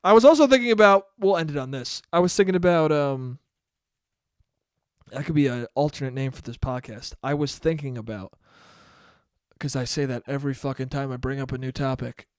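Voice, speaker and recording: A man's voice: mid-range voice, brisk, clean tone, no echo, studio quality. A man from New York, hosting a solo podcast in a rambling, profane and self-mocking way. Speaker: podcast host. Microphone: podcast mic.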